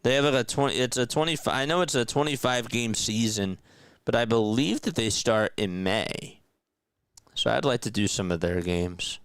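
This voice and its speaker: Relaxed young man doing casual play-by-play. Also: mid-range voice, normal speed, clean tone, no room sound. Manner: relaxed, chatty, answers viewer comments between calls. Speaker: play-by-play commentator and streamer. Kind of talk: casual radio-style play-by-play mixed with chat.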